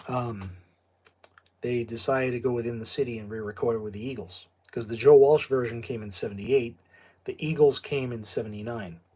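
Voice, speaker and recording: A man's voice: medium pitch, darkish tone. A middle-aged man with a New England accent, chatting casually and drifting off on tangents. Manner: rambling and digressive, with asides and laughs. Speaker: video host. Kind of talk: casual chat.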